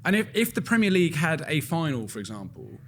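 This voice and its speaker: A man arguing his football opinions in a casual podcast chat, animated and full of restarts. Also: fairly high pitch, fast talker, a little hiss or hum. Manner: animated, argumentative, talks in restarts. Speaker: podcast guest. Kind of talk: casual debate.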